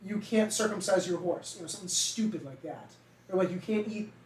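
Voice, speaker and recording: A man's voice: high-pitched, fairly quick. A young man with a heavy Boston accent chats on a podcast, rambling and casually profane. He sits a little away from the mic, and the room adds a noticeable echo with faint hiss behind. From Massachusetts. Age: young adult. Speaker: podcast co-host. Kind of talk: casual chat. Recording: echoey room, mic at a distance.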